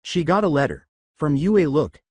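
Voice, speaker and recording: A man doing an excitable eager mother. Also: a little high, husky, dry recording. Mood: excited. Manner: excited, quick.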